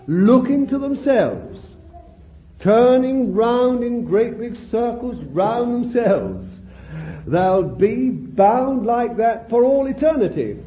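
A man preaching a sermon with fervent, rhetorical exclamations. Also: high voice. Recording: tinny phone-like old tape recording.

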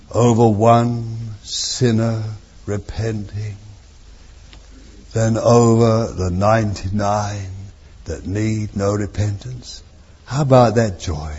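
A man preaching a sermon with fervour, his voice moving from near hushes to strong, drawn-out exclamations. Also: on the low side, breathy edge, dull audio. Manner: fervent, swinging from soft to loud, drawn-out phrases.

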